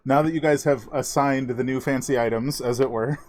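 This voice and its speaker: A man running an online tabletop game as game master, relaxed and chuckling, with plenty of ums and uhs. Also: medium pitch, a little fast, a little hiss or hum. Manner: relaxed, laughing, filler-heavy.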